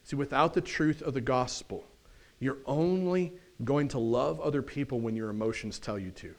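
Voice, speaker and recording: A man with an American accent preaching a conversational sermon in a church, often checking in with the congregation with quick questions. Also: medium pitch. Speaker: pastor. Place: church sanctuary.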